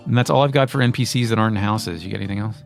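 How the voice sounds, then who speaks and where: A man co-hosting a casual podcast about a video game, joking wryly and tossing in quick asides. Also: fairly low pitch, gravelly, faint music behind. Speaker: podcast co-host.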